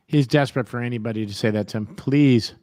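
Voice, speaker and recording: A man's voice: medium pitch, fast, a crowd in the background. A man co-hosting a casual talk show, joking and teasing guests over a video call. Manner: jokey, teasing, puts on funny voices. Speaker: co-host.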